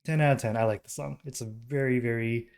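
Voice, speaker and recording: This K-pop reaction host from the United States has a medium-pitched voice that is creaky, a bit mellow, and fairly even, and he speaks fairly quickly. Addressing the camera casually, he rambles with many ums, restarts, and self-corrections.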